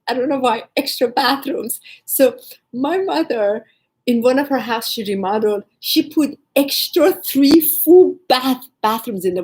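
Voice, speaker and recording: High-voiced woman, emphatic co-host. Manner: emphatic, interjects and corrects. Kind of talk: casual storytelling chat.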